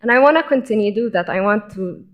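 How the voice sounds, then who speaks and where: A young woman gives a personal, informal conference talk on stage with lively enthusiasm. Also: mid-range voice, quick pace, highs cut off. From Egypt. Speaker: conference speaker.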